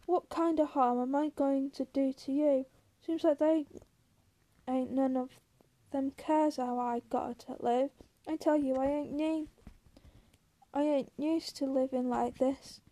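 Woman reading as lonely young ranch wife, coaxing and bitter, high soft voice. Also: fairly even intonation, unhurried.

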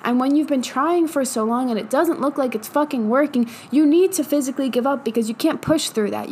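This young woman hosts a podcast and delivers a relaxed motivational talk, profane and emphatic, with lots of laughter. Her voice is fairly high and a little mellow, with a bit of hiss or hum in the recording.

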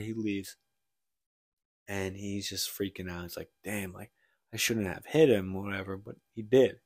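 Retelling a story on a casual book podcast he co-hosts, this man rambles, restarting often and saying "like" a lot. His voice is lowish and a little mellow, captured in studio quality without echo.

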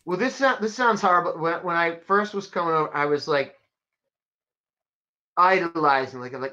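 A man telling stories in a casual chat, rambling and animated with lots of fillers. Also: on the high side, moderate pace, pauses often. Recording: dull lo-fi sound.

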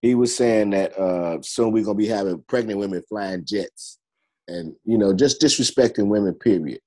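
Low, raspy-voiced man, blunt panelist in a loose group chat, halting with fillers. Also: a little mellow. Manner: plain-spoken, blunt, hesitant fillers.

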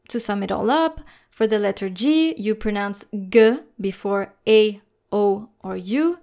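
A woman teaching French pronunciation in a lesson, speaking slowly and carefully, spelling out letters and repeating each sound. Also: a little high. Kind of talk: scripted lesson narration.

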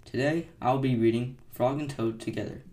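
A man hosting a bedtime story podcast, reading aloud gently in a soothing, unhurried style. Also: mid-range voice, fairly even intonation, reverberant, distant mic, slight background noise.

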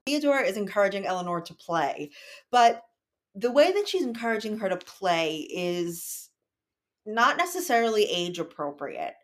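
A woman's voice: medium pitch, very animated, moderate pace. Wry woman co-hosting a book podcast. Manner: wry, analytical, quotes passages from the book. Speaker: podcast co-host. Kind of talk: casual book discussion and reading aloud.

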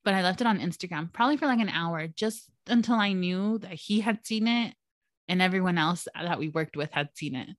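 Animated young woman telling stories. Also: fairly low pitch, fairly quick, dry recording, studio quality. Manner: animated, acts out quotes, swears freely. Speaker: podcast co-host. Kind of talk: casual storytelling chat.

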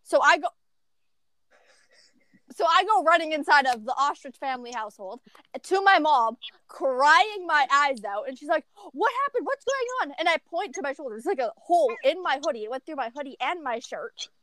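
A woman in a casual storytime chat, rambling through an animated story and often giggling. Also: sits high, moderate pace. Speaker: vlogger telling a story.

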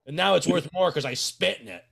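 A man's voice: fairly high pitch, lively intonation, a little fast, creaky, fairly bright tone. A man in casual podcast chat as a wrestling manager, brash and boastful, trash-talking people.

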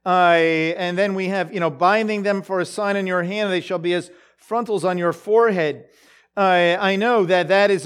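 A man with a high-pitched voice gives a relaxed Bible teaching, working through the text out loud. He talks haltingly, with many fillers and restarts, and keeps checking in with his listeners through questions. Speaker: preacher.

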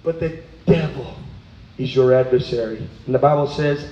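A man preaching a sermon, animated, swinging from low asides to high, exclaiming bursts. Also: moderate pace, reverberant, lo-fi sound.

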